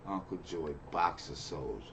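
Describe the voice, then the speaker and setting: A man's voice: low-pitched, expressive, slow pace, gravelly, noisy background. A man hosting a reaction video, chatting in a laid-back way and tacking "man" onto most lines. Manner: laid-back, says "man" constantly, laughs often. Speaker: reaction channel host. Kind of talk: casual reaction commentary.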